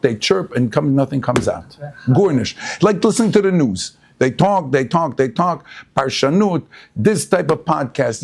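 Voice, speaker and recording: Animated rabbi teaching a Torah class. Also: male voice, mid-range voice, gravelly, slightly rough. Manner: animated, mixes Hebrew and Yiddish, rises to excited emphasis.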